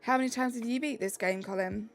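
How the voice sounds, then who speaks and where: Young English woman, Southeast accent, upbeat streamer, slightly high with some vocal fry. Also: fast, soft background music. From England. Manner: chatty, reads chat aloud, upbeat. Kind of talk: live-stream chat while gaming.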